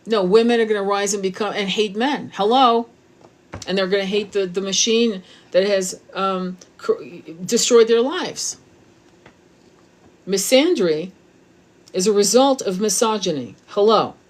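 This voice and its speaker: This middle-aged woman, a tarot reader, has a mid-range voice and talks a little slowly while giving a spiritual reading. Her delivery is impassioned and blunt, and she curses without hesitation.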